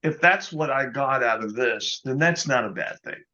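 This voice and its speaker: A man being interviewed as a guest musician, telling an anecdote in a casual, animated way, often adding "you know". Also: medium pitch, normal speed, highs cut off. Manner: animated anecdote teller, quotes others, many "you know"s.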